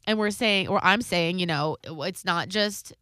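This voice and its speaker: A woman's voice: on the low side, measured pace, bright, forceful tone, no echo, clean studio sound. A woman in her thirties co-hosting a podcast, telling a story in a rambling, self-interrupting way. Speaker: podcast co-host. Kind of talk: casual chat.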